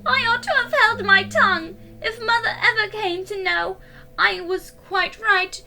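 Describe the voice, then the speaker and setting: Woman doing a shrill, tearful young ballet girl. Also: a little slow, creaky, sharp tone, a little hiss or hum, heavily acted, rough recording. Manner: high and shrill, close to tears.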